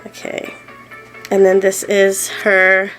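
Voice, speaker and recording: A bubbly young woman chats to her camera at home, giggling often and leaning on 'like' as she unboxes a package. Her voice sits at an ordinary pitch for a woman, and music plays steadily underneath her. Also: completely flat delivery, takes it slowly, fairly bright tone, poor audio. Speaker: doll collector vlogger. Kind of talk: casual unboxing chat. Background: background music.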